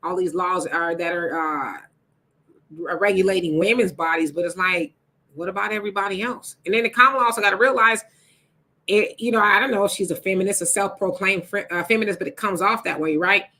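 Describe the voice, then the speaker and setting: Bright-voiced woman hosting a casual livestream. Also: medium pitch, fairly quick. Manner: chatty, reads out comments and answers them, many fillers. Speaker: livestream host reading viewer comments.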